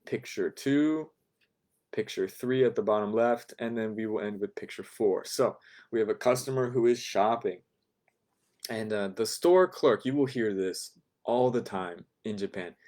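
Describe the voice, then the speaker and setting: A man teaching a beginner language class, calmly repeating phrases for learners to follow. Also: on the low side, measured pace.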